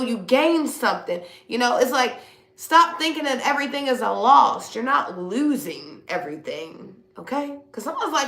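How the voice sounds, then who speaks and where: A woman's voice: on the high side, sharp tone, reverberant. A middle-aged woman giving a casual spiritual reading to viewers, blunt and preachy, with slang and swearing. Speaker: spiritual reader.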